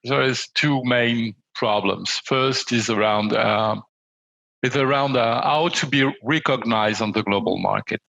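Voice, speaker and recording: A man with a French accent, French his first language, answering as a podcast guest in a hesitant way with many pauses and fillers. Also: mid-range voice, creaky, fairly bright tone, no echo, poor audio. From France. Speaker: magazine editor and awards judge.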